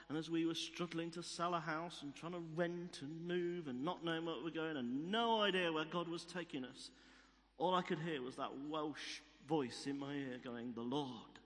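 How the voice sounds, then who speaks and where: Male preacher, slightly high-pitched, storytelling sermon in a reverberant church hall. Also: a bit bright. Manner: storytelling, repeats key phrases for emphasis.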